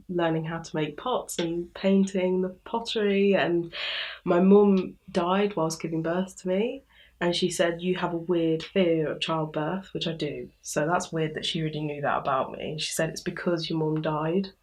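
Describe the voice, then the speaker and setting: Young english woman just chatting in an interview, lowish voice, laughs a lot, acts out little quotes. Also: normal speed. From England. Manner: chatty, laughs often, animated quoting. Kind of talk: casual chat.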